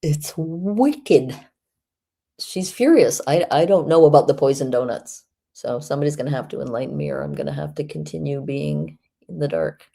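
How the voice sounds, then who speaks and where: A woman's voice: sits low, moderate pace, gravelly, warm tone, breathy edge. A woman hosting a stream, giving mocking, sarcastic commentary on a video clip. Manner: sarcastic, mocking, laughs often. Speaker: host reacting to a video.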